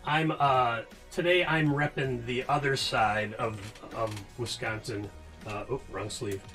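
A male streamer who chats with his viewers in a slow, unhurried way and rambles through jokes as he works. His pitch sits at an ordinary middle level, and faint music plays in the background. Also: steady tone, fairly bright tone. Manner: rambling, joking, talking to himself. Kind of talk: casual live-stream chat while working. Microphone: headphones on.

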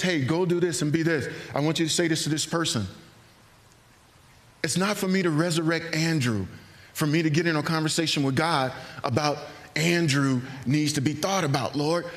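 A man preaching a sermon in a church, earnest and animated, acting out hesitant asides. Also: fairly high pitch. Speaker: pastor. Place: church sanctuary.

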